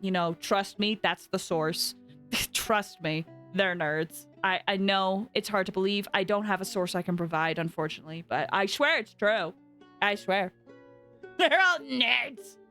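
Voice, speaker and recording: A young woman streaming a game, reacting in an excitable, giggly way and wandering off on tangents. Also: mid-range voice, unhurried, faint music behind. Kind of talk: casual game commentary.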